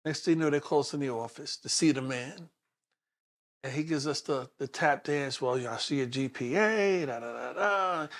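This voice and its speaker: Speaking at a normal speed in a fairly high voice, a man in his sixties from New York City recounts his life as a detective for an interviewer. He has a New York accent and is animated, performing the voices of people in his stories.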